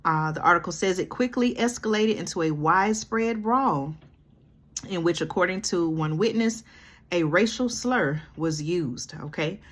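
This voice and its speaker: A woman's voice: on the low side, unhurried. A woman from Georgia, commenting on a news article she reads aloud, breaking in often with "okay?" and "y'all". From Georgia, USA. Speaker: commentary vlogger.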